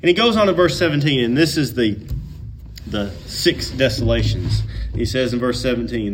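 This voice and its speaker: A man preaching a sermon. He swings between loud, emphatic peaks and quiet asides, in a folksy, conversational way. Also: medium pitch, lively intonation, moderate pace, noisy background. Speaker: pastor.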